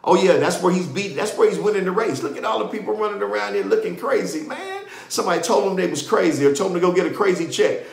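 A man hosting a live ministry broadcast and leading prayer, excitable, often repeating himself and laughing. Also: high voice, fast, creaky, hardly any pauses, reverberant. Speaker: ministry host.

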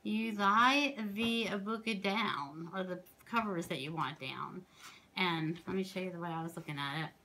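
A woman from Pennsylvania, a crafting vlogger, chatting casually as she shows her projects, rambling and excitable with many asides. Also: on the low side, a little slow, slight background noise. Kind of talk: casual chatty show-and-tell.

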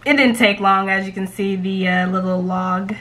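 A woman's voice: medium pitch, steady tone, normal speed, fairly bright tone. A young woman vlogger chatting casually to camera, giggly and full of "like" fillers. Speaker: vlogger pranking her best friend.

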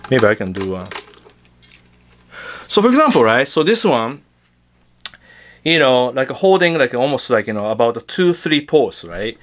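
A man's voice: mid-range voice, big pitch swings, a little slow, pauses often, fairly bright tone. A man teaching guitar tricks in a casual, unedited way, chatty and full of fillers and restarts.

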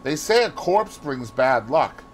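A man's voice: medium pitch, sing-song, a little slow, a little hiss or hum, pitched above the performer's own voice. A man with a Boston accent voicing a deferential working-class gamekeeper who speaks plainly and respectfully.

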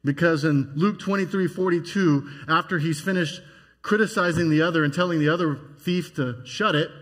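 Husky-voiced man preaching conversationally. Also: fairly high pitch, normal speed, a bit bright. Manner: conversational, musing preacher with many restarts. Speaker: pastor. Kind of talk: sermon.

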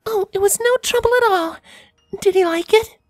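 A woman voicing a gentle, kind pony mare who talks softly and teases lightly. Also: very high-pitched, moderate pace, no room sound, clean studio sound. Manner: gentle and soft, lightly teasing.

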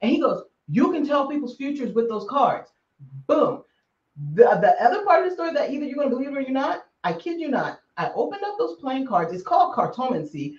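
A woman guest tells her story with a bright, lively voice that swoops up and down, laughing as she goes. She sounds far from the mic in an echoey room, and the audio is a little dull. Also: sits high, fast talker. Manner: animated storyteller, laughs often. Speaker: psychic guest. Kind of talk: casual interview chat. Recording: distant roomy remote call audio.

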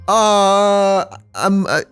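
A man streaming casually while high, animated and giggly, swearing freely as he chats. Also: very slow, clear, resonant tone, faint music behind. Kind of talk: casual livestream chat.

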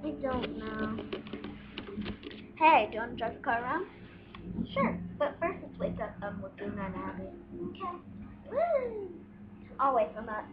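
A woman's voice: fairly high pitch, animated, moderate pace, pauses often. A woman improvising a doll-play story, voicing several characters in turn with gasps and squeals, recorded on a home camera. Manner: playful, switches between character voices with squeals and gasps. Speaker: doll-play video maker. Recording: muffled home video with loud background noise.

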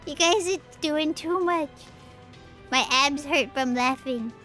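A woman's voice: sits high, slow, pushed and bright, soft background music. A woman streaming games, giving playful running commentary and laughing often. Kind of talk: live-streamed gameplay commentary.

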